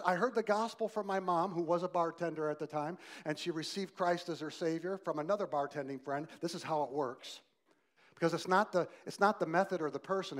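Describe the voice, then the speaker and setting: A middle-aged man preaching as a guest speaker, animated and emphatic, swinging from loud bursts to hushed lines and getting the listeners to answer aloud. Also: fairly high pitch. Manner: asks the listeners to join in aloud. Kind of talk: sermon.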